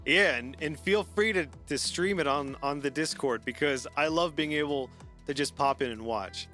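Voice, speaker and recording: A man's voice: a little high, normal speed, sharp tone, faint music behind. A man hosting a live gaming stream in casual chat, laughing often and rambling with restarts.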